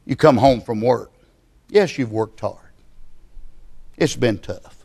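A man preaching a sermon, speaking slowly and emphatically and building to loud passion. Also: medium pitch, vocal fry.

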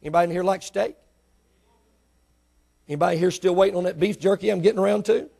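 A man's voice: high voice, quick pace, creaky, warm tone. A man preaching a sermon in a church, breaking into emphatic bursts and putting direct questions to the congregation. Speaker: pastor.

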